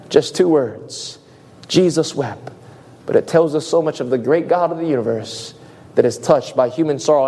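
A man preaching a sermon to a congregation, asking rhetorical questions and swinging between hushed and soaring delivery. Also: on the high side, in a large hall. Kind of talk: evangelistic sermon.

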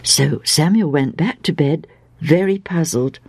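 A woman narrating a Bible story in a slow, hushed, dramatic storytelling manner. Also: sits low, no echo.

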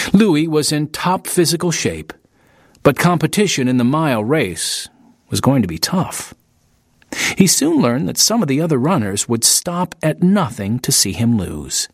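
A male narrator reading an audiobook with measured, expressive delivery. His pitch moves a lot, lifting and dropping to shape each sentence. The recording is close and dry, with no room sound. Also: husky, dry recording.

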